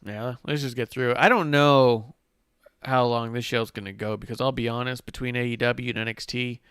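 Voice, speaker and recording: Young guy hosting a wrestling podcast, smooth clear voice, dry close mic, jokey and loose. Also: mid-range voice, fairly even intonation, fairly quick, a bit bright, no room sound. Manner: joking, loose, drinks on air. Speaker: podcast host. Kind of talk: casual wrestling podcast chat.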